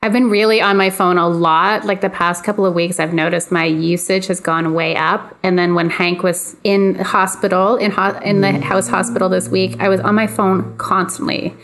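A woman's voice: mid-range voice, little pitch movement, normal speed, few pauses, fairly bright tone, slight background noise. A woman from Canada hosting a podcast in casual chat, bubbly and laughing often. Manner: giggly, bubbly. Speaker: podcast host.

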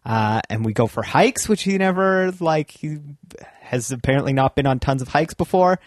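A woman's voice: low voice, lively intonation, moderate pace, no room sound, studio quality. A young woman co-hosting a comedy podcast, rambling and self-mocking, with many "like"s. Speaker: podcast co-host. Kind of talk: casual comedy podcast chat.

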